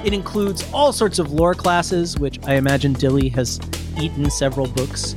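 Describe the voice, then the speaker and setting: A man narrating a tabletop role-playing game as game master, in a relaxed, rambling way. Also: a little high, normal speed. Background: background music.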